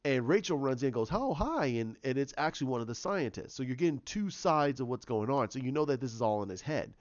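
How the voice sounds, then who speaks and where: Male reviewer, casual rambling delivery, mid pitch, dry slightly dull recording. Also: expressive, quick pace, dry recording. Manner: rambling, with many restarts and fillers. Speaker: TV episode reviewer.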